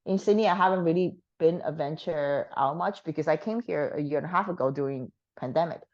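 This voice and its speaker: Hoarse-ish woman guest, low voice, blunt casual chat, lots of um and like. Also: fairly quick, darkish tone, highs cut off. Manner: frank, chatty, heavy on fillers. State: slightly hoarse.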